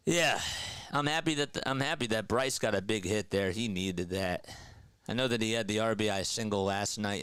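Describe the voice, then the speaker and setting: A man doing live baseball play-by-play for a stream, trading energetic banter with viewers between pitches. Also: clear, resonant tone, no room sound.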